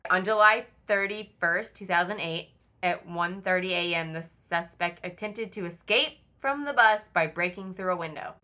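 A woman's voice: on the low side, moderate pace, pushed and bright. A woman casually telling a true crime story on a podcast, chatty, swearing often and saying "like" a lot.

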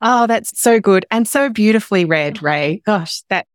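A woman's voice: medium pitch, lively intonation, normal speed, no room sound, studio quality. A woman hosting an interview about writing, inquisitive and encouraging with her guest. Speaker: podcast host. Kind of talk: interview questions.

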